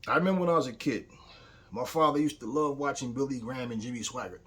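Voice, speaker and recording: A man's voice: medium pitch, fast talker, sharp tone. A man talking in a casual opinion vlog as a boxing commentator, telling stories bluntly and heatedly, with frequent swearing.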